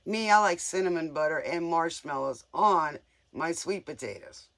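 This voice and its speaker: A man's voice: a little high, lively intonation, normal speed, creaky, a bit bright. A man giving a casual live tarot reading in a playful, joking way, often giggling. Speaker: tarot reader.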